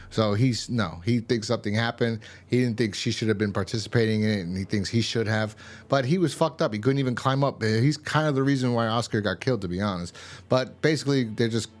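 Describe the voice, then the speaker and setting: A man casually recapping a TV episode in a rambling way, with many fillers and restarts. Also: lowish voice. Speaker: TV episode reviewer.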